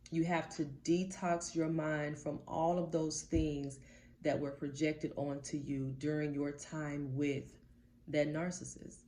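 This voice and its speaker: A woman's voice: deep voice, darkish tone. A woman life coach giving a motivational talk to camera, blunt and casual, addressing viewers directly and repeating her points for emphasis.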